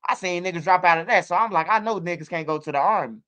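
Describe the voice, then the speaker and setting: A man in his forties, talking casually as a guest, telling animated stories in street slang with lots of profanity. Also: high voice, fast talker, smooth. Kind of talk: casual interview chat.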